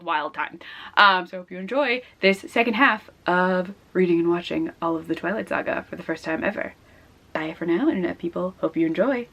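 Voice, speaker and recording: Bright-voiced woman in chatty vlog talk. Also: lowish voice. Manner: chatty, rambling, heated when ranting about the plot. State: tired in the early morning. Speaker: book vlogger. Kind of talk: casual vlog chat. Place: home kitchen, making coffee.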